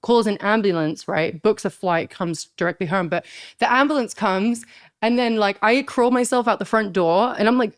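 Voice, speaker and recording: A woman in her thirties telling a story as a podcast guest, animated, swearing freely and acting out what others said. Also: mid-range voice, normal speed, no echo, clean studio sound. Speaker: guest, pro wrestler.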